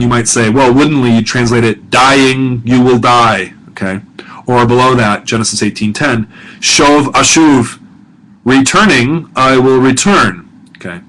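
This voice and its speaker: A middle-aged professor recording a grammar lesson, patiently reading words slowly, repeating them and correcting himself as he goes. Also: mid-range voice, a bit bright, rough recording.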